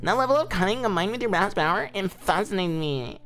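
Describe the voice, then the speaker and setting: A man voicing a regal adult Amazon warrior princess in a raised, lilting falsetto. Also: expressive, a little fast, music in the background. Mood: admiring.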